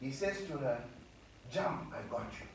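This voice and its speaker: A man's voice: medium pitch, animated, normal speed, creaky, a little hiss or hum. Male preacher, earnest, stammering restarts, distant mic, big reverberant hall. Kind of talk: sermon. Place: church hall. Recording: echoey hall from far off.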